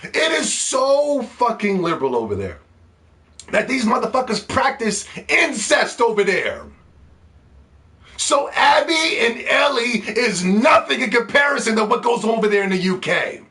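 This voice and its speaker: A man rants in a high, lively voice, swinging his pitch all over as he mocks and swears. His delivery is loud and profane, the sound of a gaming video commentary. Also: unhurried. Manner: loud, profane, mocking rant.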